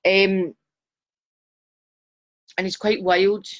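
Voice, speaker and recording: A woman's voice: medium pitch, level tone, drawn-out words. Chatty woman psychic. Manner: chatty and affectionate, calls viewers darling. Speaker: psychic giving readings. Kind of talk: live-stream chat reading viewers' photos.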